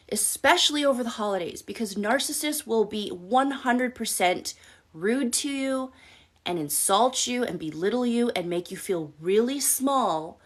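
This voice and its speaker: A woman life coach hosting a live-stream advice talk, speaking bluntly with casual swearing and often checking in with "okay?". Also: fairly high pitch. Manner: blunt, profane, direct coaching tone; addresses listeners with frequent "okay?" check-ins.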